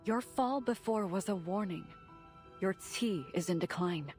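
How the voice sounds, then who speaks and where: A woman's voice: mid-range voice, measured pace, darkish tone, faint music behind, natural voice. A woman voicing a stern sect grandmaster. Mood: grave. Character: stern female sect grandmaster, calm mentor. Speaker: game character. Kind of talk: game voice acting.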